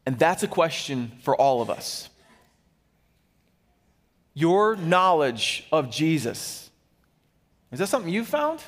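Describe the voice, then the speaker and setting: A man with a fairly high voice preaches a sermon. His delivery is animated, with quick shifts of pitch and loudness as he acts out the figures he quotes. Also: long reverb tail. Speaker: pastor.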